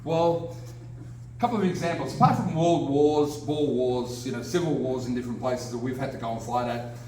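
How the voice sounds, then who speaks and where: A man's voice: medium pitch, normal speed, warm tone. A man with an Australian accent giving a casual, chatty conference talk with self-deprecating asides. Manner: chatty and self-deprecating, frequent fillers and laughs. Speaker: paranormal researcher giving a presentation. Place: convention hall. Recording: echoey hall from a distance, faint background noise.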